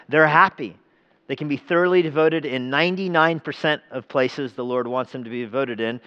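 Animated preacher man, lo-fi sound. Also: on the high side. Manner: animated, conversational preaching with chuckles. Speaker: pastor. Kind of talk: sermon. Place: church.

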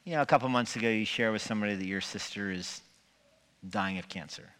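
A pastor with a fairly low, slightly bright voice preaches quickly in a church sanctuary that echoes. His sermon is conversational, sprinkled with humor and rhetorical questions.

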